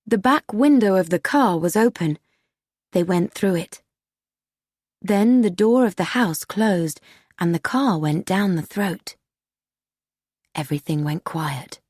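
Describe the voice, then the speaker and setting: A woman narrating an audiobook story in a slow, clear storybook reading. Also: medium pitch, darkish tone, no room sound, studio quality.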